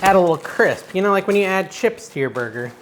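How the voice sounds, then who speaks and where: A man's voice: sits high, expressive, quick pace, very noisy. A man hosting a casual cooking vlog from his kitchen, chatting as he cooks in an unsure, self-deprecating way. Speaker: cooking show host.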